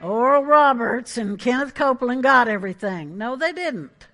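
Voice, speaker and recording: A woman preaching a sermon in an animated, emphatic way, with asides and laughs. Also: a little high, normal speed.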